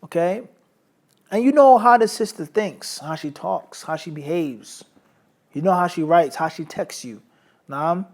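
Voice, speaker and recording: In an unhurried Islamic studies lecture, a man with a slightly high voice for a man teaches hadith studies in English. He explains through everyday examples, peppers his speech with Arabic terms and frequently checks on his students.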